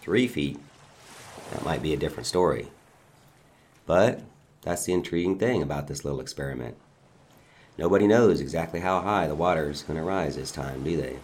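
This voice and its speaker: A man reading a dramatic monologue as a father who calmly taunts a bound governor, his manner quiet, mocking and menacing. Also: very deep voice, moderate pace, long pauses, a little hiss or hum.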